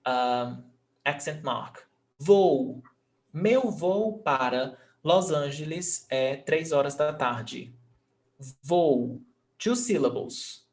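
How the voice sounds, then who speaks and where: A man, teaching a language class and patiently repeating example words. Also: fairly high pitch. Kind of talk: live online class.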